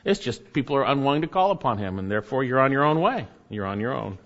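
A man's voice: medium pitch, fast talker. A man preaching a sermon and reading scripture aloud, his voice rising and falling expressively. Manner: expressive preaching, reads scripture aloud with wide swings in loudness. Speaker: pastor. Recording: dull lo-fi recording.

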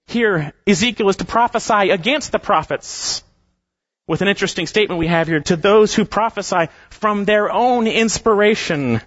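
A man preaching an expository sermon, emphatic, slowing down and dropping his voice at the ends of phrases. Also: sits high, a bit bright, no room sound, lo-fi sound. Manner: emphatic preaching with slowed, falling phrase endings. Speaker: pastor.

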